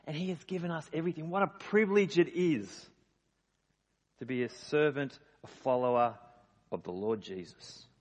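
A man's voice: on the high side, normal speed. A man preaching a sermon in a conversational, emphatic way. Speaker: pastor. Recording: dull lo-fi sound in a reverberant hall.

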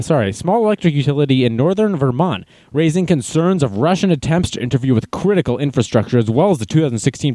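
Hosting a casual livestream, a man reads chat messages and news aloud, tossing in sarcastic, mocking asides. His voice is medium-pitched and warm, with no room sound.

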